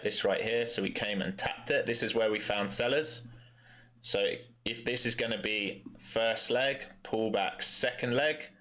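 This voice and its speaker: London-accented man, day trader live stream, lowish voice, bright forceful tone, blunt casual asides. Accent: London English. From East London, England. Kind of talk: live trading commentary with chat replies.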